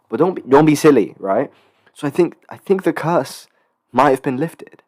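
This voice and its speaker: A young man in his late teens from England, hosting a casual solo podcast in a rambling, swearing, animated storytelling way. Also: medium pitch, normal speed, no room sound, clean studio sound. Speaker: podcast host. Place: student accommodation room.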